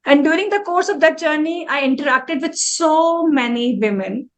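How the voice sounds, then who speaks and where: A woman's voice: high voice, lively intonation, moderate pace. A woman in her forties, an interview guest, telling her story earnestly and reflectively to a live audience, often restarting phrases. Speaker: interview guest, mandala artist.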